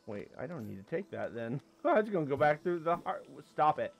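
A man's voice: mid-range voice, big pitch swings, moderate pace, a little hiss or hum. A man giving casual commentary as he plays a game, talking to the creatures on screen and breaking into sudden yelps and exclamations. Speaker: let's play host.

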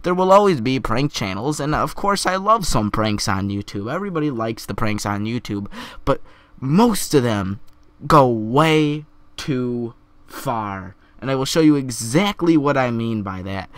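Earnest, halting young man vlogging. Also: medium pitch, animated, a bit bright, dry recording. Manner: earnest, halting, with frequent stumbles and repeats. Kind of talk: opinion commentary vlog.

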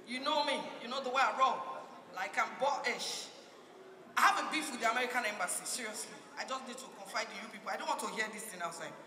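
A woman's voice: a little high, fast talker, reverberant, long reverb tail, recorded from a distance, background noise. A woman with a Nigerian accent doing stand-up comedy, confiding in the audience in a playful way.

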